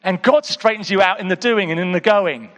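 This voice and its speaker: Preaching a little fast, a man with a high, lifted voice speaks to his congregation in a friendly, conversational manner. Hushed, intimate near-whispers alternate with emphatic bursts, and he keeps calling to the audience. The words reverberate with a long tail through a large hall.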